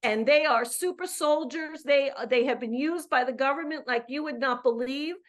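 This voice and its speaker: Effusive high-voiced woman caller. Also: moderate pace, a bit bright. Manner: effusive, emphatic, repeats words. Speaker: caller on a live Q&A, coach. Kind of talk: live call-in chat.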